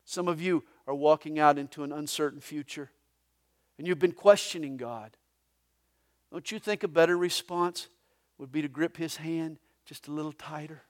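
A male pastor, preaching a sermon at a live church service, earnest and sometimes dropping to a hush. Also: sits high, lively intonation, measured pace. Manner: earnest preaching, drops to hushed tones.

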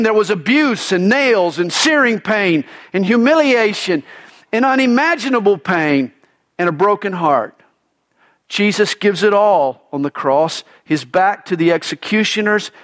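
A pastor with a notably high voice preaches a sermon. He is emphatic and dramatic, rising to loud declarations and then dropping to a hush. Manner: dramatic, emphatic preaching with wide swings in pitch and loudness.

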